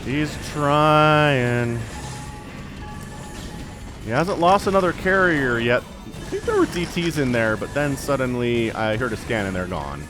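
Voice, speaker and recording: A man's voice: mid-range voice, measured pace, music in the background. Chatty man casting a strategy game. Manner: chatty, rambling asides, easily excited. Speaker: esports caster. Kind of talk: solo game commentary.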